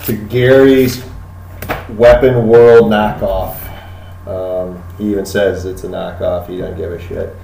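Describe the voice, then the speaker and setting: A man's voice: low voice, steady tone, slow pace, gravelly, dark tone, roomy sound, a little hiss or hum, rough recording. A man narrating as game master in a tabletop game, loose and casual with lots of filler.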